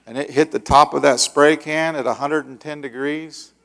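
A middle-aged male pastor telling a long story in a sermon, acting out the voices and shouting the dramatic parts. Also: fairly high pitch, normal speed, vocal fry. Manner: animated, acts out voices with loud shouts.

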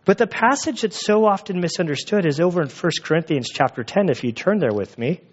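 A man's voice: high voice, expressive, brisk, husky, lo-fi sound. A male pastor preaching a sermon in a conversational, storytelling way, full of fillers and restarts.

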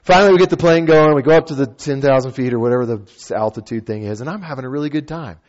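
A man's voice: medium pitch, fast talker. A man telling a funny personal story to an audience, acting out the people in it and laughing often. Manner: animated, laughing, acting out quotes. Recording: dull lo-fi recording.

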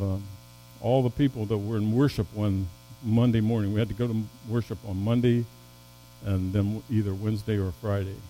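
This man preaches as a pastor, moving between forceful, loud high points and hushed, gentle passages while tripping over words and starting again. The recording sounds rough.

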